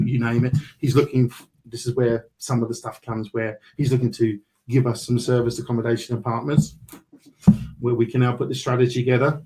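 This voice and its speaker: A man's voice: medium pitch, darkish tone, a little hiss or hum, low-quality recording. A man mentoring a group on property deals, brash and salesy, swearing casually as he talks.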